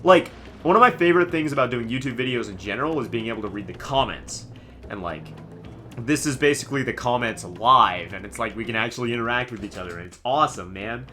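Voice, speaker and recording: Animated young man streaming a game. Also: medium pitch, fast, slight background noise. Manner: animated, jokey, rambling. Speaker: gaming streamer. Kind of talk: live let's play commentary.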